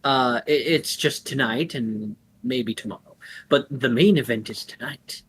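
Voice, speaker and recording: A man's voice: medium pitch, unhurried, a bit bright, slightly rough. A man narrating as game master of a tabletop game, talking loosely with many fillers.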